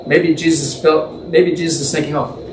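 A man's voice: sits high, lively intonation, moderate pace. A man teaching from the Bible in a conversational, thinking-aloud way, imagining the scene and correcting himself as he goes. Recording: echoey room, distant mic, faint background noise.

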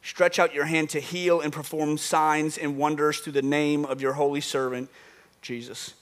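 A man's voice: a little high, flat delivery, normal speed. A man preaching a sermon, building his point with repeated phrases and acting out little phone calls. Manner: dramatic, acts out phone calls, repeats for emphasis. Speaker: pastor.

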